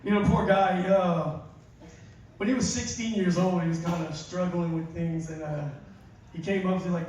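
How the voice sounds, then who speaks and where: A man's voice: sits high, fairly even intonation, normal speed, a little mellow, a little hiss or hum. A man, doing a self-mocking stand-up comedy set and chuckling at his own stories. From Louisiana. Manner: laid-back, self-mocking storytelling with chuckles. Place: large theater stage. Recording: echoey hall recording from far off. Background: audience laughter.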